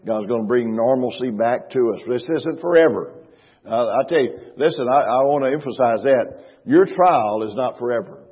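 Middle-aged male pastor, husky, preaching emphatically in a big reverberant church hall. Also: mid-range voice. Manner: emphatic preaching, slows and stresses scripture, repeats phrases. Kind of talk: sermon. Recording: reverberant hall, dull lo-fi sound.

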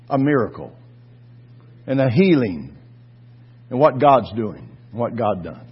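A man preaching a fervent sermon, swinging between quiet asides and loud exhortation. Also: mid-range voice, very animated, takes it slowly, long pauses, slightly rough, highs cut off. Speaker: pastor.

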